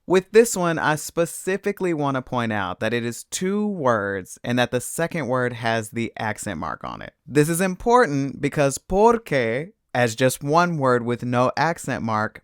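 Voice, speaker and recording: A man teaching a Spanish lesson, explaining patiently and clearly with lively emphasis. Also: mid-range voice, no room sound, clean studio sound. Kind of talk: scripted language lesson.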